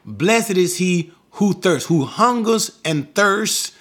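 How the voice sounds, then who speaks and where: A man's voice: sits high, animated, slow, fairly bright tone, slightly rough. A man teaching a Bible passage verse by verse, emphatic, posing rhetorical questions and answering them himself.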